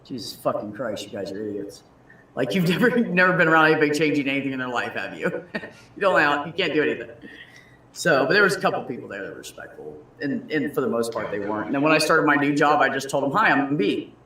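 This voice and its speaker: A man in casual chat, telling stories with lively quoted voices and frequent swearing. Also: medium pitch, quick pace, distant mic. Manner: animated storyteller, swears freely, acts out quoted voices. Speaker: guest. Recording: echoey room.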